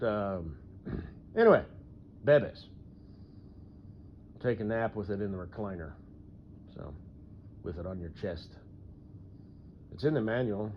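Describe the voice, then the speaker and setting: A man rambling through a solo audio monologue, full of fillers and frequent throat clearing. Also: on the low side, a little hiss or hum. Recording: dull lo-fi recording.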